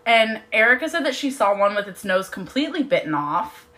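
A woman on whale-watching boat crew chatting casually, excitable and gushing, with lots of "like". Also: medium pitch, brisk. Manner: excitable, gushing, heavy use of "like". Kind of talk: casual chat.

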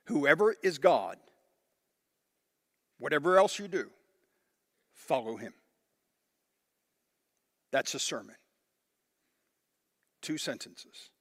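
A man's voice: on the high side, very animated, slow pace, long pauses, a bit bright, breathy edge, no room sound, studio quality. Man preaching with emphatic dramatic delivery. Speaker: pastor. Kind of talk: sermon.

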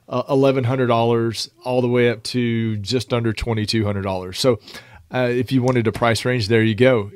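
A man's voice: mid-range voice, normal speed, clear, resonant tone, no echo. A man co-hosting a podcast, reading a product list methodically in a casual chat. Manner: reads product lists at a steady, methodical pace. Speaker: podcast co-host.

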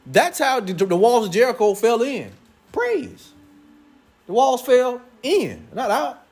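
A young man preaching a sermon to his congregation, loud and playful, joking with them as he goes. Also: extremely high pitch, big pitch swings, moderate pace, slightly rough. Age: young adult.

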